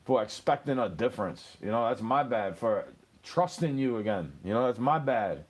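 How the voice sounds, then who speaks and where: A man's voice: medium pitch, expressive, normal speed. A man in his thirties hosting a podcast, telling stories in a casual, rambling monologue. He swears freely and keeps laughing at his own jokes. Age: 30s. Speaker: podcast host.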